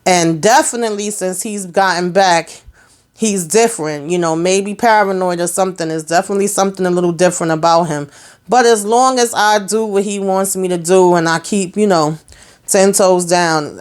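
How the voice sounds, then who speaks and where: A woman's voice: fairly low pitch, normal speed, a little mellow, smooth. A woman casually recapping a TV episode, retelling scenes through quoted lines and personal asides. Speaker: TV recap host.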